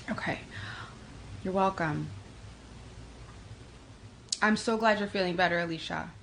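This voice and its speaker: A woman from New York with a New York accent, hosting a casual tarot livestream and answering comments in a quick, energetic way. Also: on the low side, a little hiss or hum, low-quality recording. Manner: fast-talking, energetic, reads comments aloud. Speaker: livestream host doing tarot readings.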